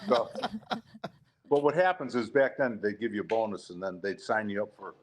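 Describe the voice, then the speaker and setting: An older man from Detroit, a retired football player, telling lively stories in casual chat, acting out quotes and laughing often. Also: lowish voice, fast talker, background noise. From Detroit, USA. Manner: animated storyteller, acts out quotes, laughs often.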